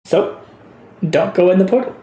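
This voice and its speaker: Game master narrating in an echoey room. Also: male voice, high-pitched, moderate pace, mellow, slight background noise. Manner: laughs often, explains rules. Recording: roomy echo.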